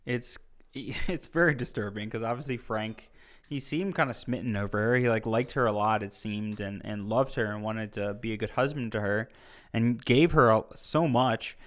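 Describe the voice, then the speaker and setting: A man's voice: fairly low pitch, normal speed, a bit bright. A young adult man, a podcast co-host, giving loose, casual opinions on a film with frequent filler words.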